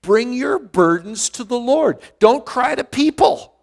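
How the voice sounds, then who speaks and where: A man's voice: very high voice, expressive, a little slow, gravelly, big-room sound. A male pastor teaching a verse-by-verse Bible study in an earnest way, often restarting words and stressing key phrases.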